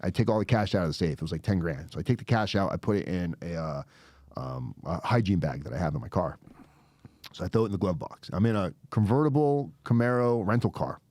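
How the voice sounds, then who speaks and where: A man in his forties telling a story on a podcast, animated and cursing, acting out the voices of the people in it. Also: low-pitched, fast talker, dry recording. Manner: animated, swears a lot, acts out quoted voices. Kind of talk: casual storytelling. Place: podcast studio.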